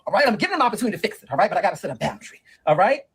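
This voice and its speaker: A performer doing Big Deborah, a sassy husky woman. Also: mid-range voice, big pitch swings, very fast, fairly bright tone, heavily acted, rough recording. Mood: sassy lecturing. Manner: preachy, sassy, calls listener girl and honey. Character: sassy middle-aged woman giving dating advice. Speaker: relationship advice monologue. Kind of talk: comedic character monologue.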